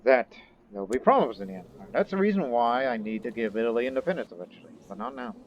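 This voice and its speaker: A man's voice: medium pitch, big pitch swings, quick pace, creaky, dull audio, a little hiss or hum. A man casually commenting on his own strategy game as he plays, thinking aloud with chatty asides. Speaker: game streamer.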